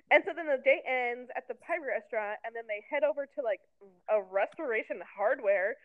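A woman's voice: on the high side, moderate pace. Chatty sarcastic woman in her twenties. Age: 20s. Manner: chatty, sarcastic, heavy use of "like". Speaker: podcast co-host. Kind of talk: casual recap chat. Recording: tinny phone-like sound.

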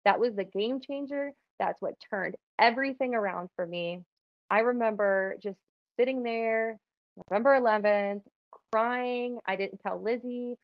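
Gravelly young woman sharing her testimony. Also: mid-range voice, no room sound, dull audio. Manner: casual, earnest, uses "like" often. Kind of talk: personal testimony.

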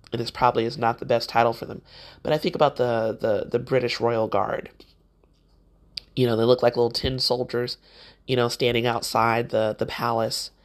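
A woman hosts a motivational podcast and talks straight to the listener. Her delivery is conversational and encouraging, like a casual pep talk. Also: very deep voice. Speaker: podcast host.

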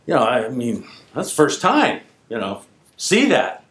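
Animated man telling a story, echoey room. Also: mid-range voice, measured pace. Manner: animated, acts out quoted voices. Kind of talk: casual spoken anecdote.

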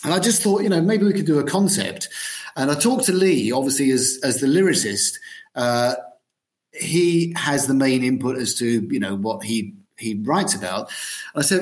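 A middle-aged man answers interview questions at an unhurried, reflective pace. He hesitates often and fills gaps with soft "ums" as he gathers his thoughts. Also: medium pitch, expressive. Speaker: guitarist and producer, guest. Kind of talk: podcast interview.

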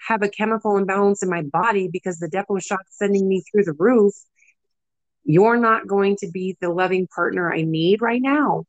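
A middle-aged woman telling a personal story in candid conversation, emotional and animated. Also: medium pitch, moderate pace, no room sound, highs cut off.

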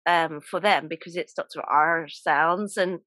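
An English woman hosting a podcast, talking in a relaxed, chatty way with lots of laughs and fillers. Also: sits low, measured pace, no echo. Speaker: podcast host. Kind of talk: casual chat.

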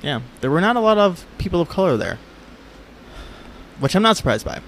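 A man chatting casually on a podcast, recounting a story with lots of fillers and easy laughter. His voice sits a little high. A faint noise hangs behind him. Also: sing-song, brisk. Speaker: podcast co-host. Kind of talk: casual chat.

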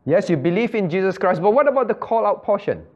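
Male pastor, Bible study lesson, higher voice, repeats phrases, questions listeners, dull lo-fi sound. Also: expressive, fast talker. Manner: repeats key phrases, quizzes listeners by name. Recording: muffled lo-fi recording.

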